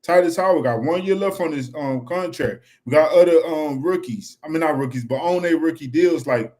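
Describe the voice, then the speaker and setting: Animated man talking football. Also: on the high side, moderate pace. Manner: animated, repeats "you know what I'm saying". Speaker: fan podcast co-host. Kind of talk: casual fan chat.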